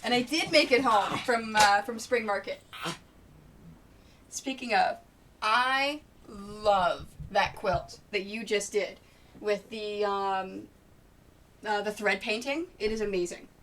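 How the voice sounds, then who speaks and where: A woman's voice: mid-range voice, takes it slowly, fairly bright tone. A woman quilter chatting casually on a live stream as she sews, thinking aloud and greeting viewers by name. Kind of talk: casual live-stream chat while sewing. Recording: distant mic with faint noise.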